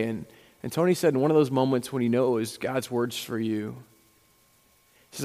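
A male pastor preaching in a church sanctuary, his voice ringing out in the hall's long reverb. He tells a story and acts out its dialogue, with restarts and repeated words. His pitch sits at a middle level. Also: moderate pace, gravelly, long pauses, a little mellow. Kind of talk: sermon storytelling.

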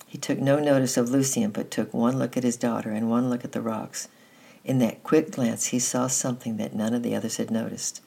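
A storyteller reading a children's story aloud at a steady pace, sometimes restarting a phrase. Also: medium pitch, a little fast, gravelly, breathy edge. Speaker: narrator. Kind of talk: storybook narration.

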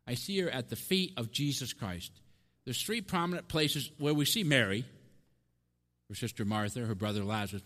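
A male preacher delivering a sermon in a large hall, his voice trailing off in a long reverb. He is impassioned, sinking to hushed, tender passages and then surging into loud cries. His pitch sits in an ordinary middle range for a man. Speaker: pastor of a city mission.

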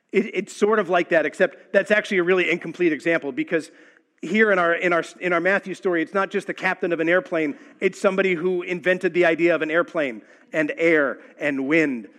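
A man's voice: a little high, fairly bright tone. A man teaching on a Bible passage in a conversational, reflective way, often asking rhetorical questions.

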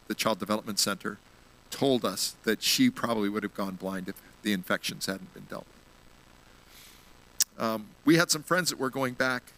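A guest speaker at a church delivers an earnest sermon, telling a personal story, appealing to the congregation, and growing emotional. His mid-range voice sounds pushed and bright, and the recording quality is low.

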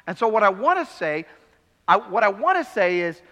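Bright-voiced pastor, echoing hall. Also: male voice, high-pitched, big pitch swings, moderate pace. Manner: storytelling, swings from hushed to emphatic. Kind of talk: sermon. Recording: long hall reverb.

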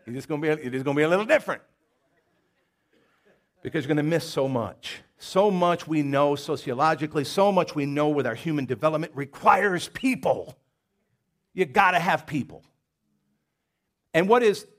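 A man preaching a sermon in a folksy, conversational way, with jokes and stories and a Southern US accent. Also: fairly high pitch. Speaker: pastor. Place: church.

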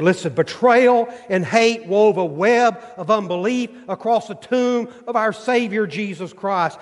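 A male pastor delivers an emphatic sermon, building rhythmic phrases and leaning on dramatic pauses. His voice sits fairly high for a man. A long reverb from a large church sanctuary trails every line.

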